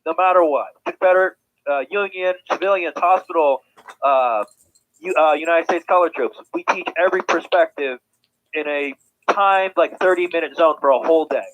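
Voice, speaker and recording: A man's voice: fairly high pitch, normal speed. Guy chatting over lo-fi audio. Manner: chatty, stammers on restarts. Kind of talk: casual chat.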